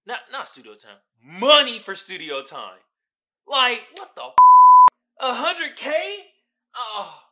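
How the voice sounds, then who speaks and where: A man's voice: very high voice, sing-song, takes it slowly, a crowd in the background. A man hosting a podcast, riffing alone in casual, profane commentary and laughing often. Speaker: podcast host.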